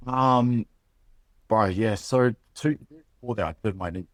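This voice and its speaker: Deep-voiced New Zealand ex-rugby man. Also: dry recording. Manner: halting, many fillers and restarts, says "bro" often. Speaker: podcast guest, former rugby player. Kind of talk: casual conversational interview.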